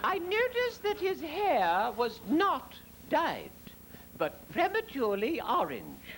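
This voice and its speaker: A male drag comedian playing a haughty, catty older queen, grand and imperious, with sudden drops into a low voice. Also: huge pitch swings, slow pace, background noise, full character voice. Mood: cutting. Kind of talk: stand-up drag impression.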